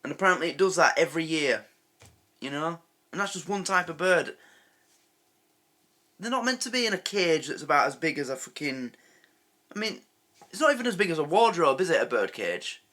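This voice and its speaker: An English man reacts casually to a clip, animated and quick to rant. His voice is high and lively, with a very bright, sharp edge. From England. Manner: animated, laughing, ranting. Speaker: reaction video host.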